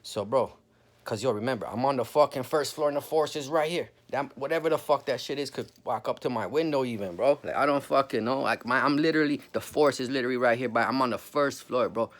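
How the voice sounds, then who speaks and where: Fast-talking, cussing man telling a creepy story. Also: mid-range voice. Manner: profane, rambling, says bro a lot. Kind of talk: casual storytelling.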